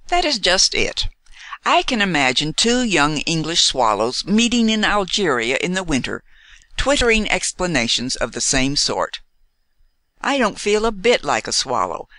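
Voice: mid-range voice, big pitch swings, measured pace, sharp tone, no echo. A reader voicing a confident American man. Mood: playful. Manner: playful, self-assured. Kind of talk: audiobook dialogue reading.

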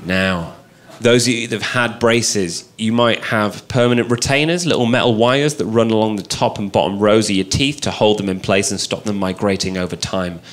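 A man's voice: on the low side, moderate pace. British man doing stand-up. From Britain. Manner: deadpan storytelling, self-deprecating. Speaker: stand-up comedian. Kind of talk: stand-up comedy set. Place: comedy venue with live audience.

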